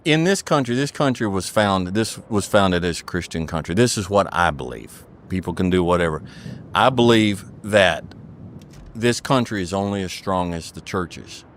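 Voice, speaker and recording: A man's voice: low voice, expressive, normal speed, slight background noise. A middle-aged man speaking as an interview guest, talking in an earnest and preachy way, repeating his points and asking "okay?".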